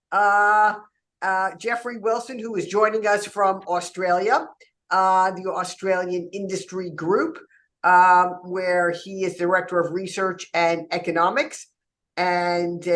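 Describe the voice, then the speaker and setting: A woman moderates an online panel with a mid-range voice. She introduces the speakers hesitantly and fills pauses with many fillers. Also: mid-range voice, a bit bright.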